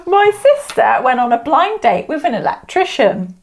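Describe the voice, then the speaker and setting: A woman's voice: high voice, big pitch swings, normal speed. A woman co-hosting a casual podcast, chatty and giggly, reading out facts. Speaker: co-host.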